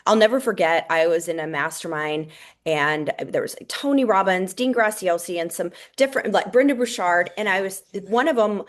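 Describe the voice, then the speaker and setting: A woman on a motivational team call, telling stories in an animated, heartfelt way. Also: fairly low pitch, moderate pace.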